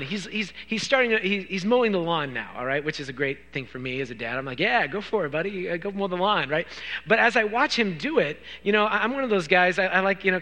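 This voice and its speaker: A man's voice: high-pitched, sharp tone, long reverb tail. A middle-aged man preaching a casual, joking sermon to his congregation as their pastor. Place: church hall.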